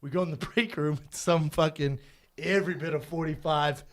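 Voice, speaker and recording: Storytelling man, slightly high voice. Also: moderate pace, slight background noise. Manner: energetic storyteller acting out voices. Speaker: podcast co-host. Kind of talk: casual podcast storytelling.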